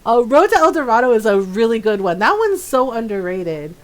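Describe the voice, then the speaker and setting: A woman streamer chats casually while playing a game. She is bubbly and talkative, often breaking into laughter. Her voice sits slightly high for a woman. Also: very animated, brisk. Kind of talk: casual gameplay chat.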